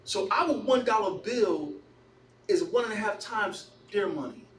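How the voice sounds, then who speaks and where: A man leading a casual Bible study, animated and storytelling, often repeating himself. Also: high voice, measured pace. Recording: echoey room, mic far off, faint noise.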